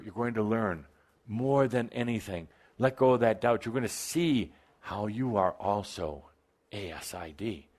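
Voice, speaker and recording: A man's voice: lowish voice, a little mellow. A man giving a channeled spiritual talk to a live audience, in a playful, teasing and theatrical way, stretching out key phrases for emphasis. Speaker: spiritual teacher addressing a live group.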